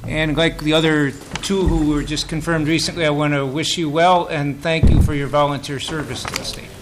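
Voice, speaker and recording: Male committee chair, higher voice, formal procedural tone, hissy recording. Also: level tone, moderate pace. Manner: formal, procedural, dry joking. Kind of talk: chairing a legislative committee hearing.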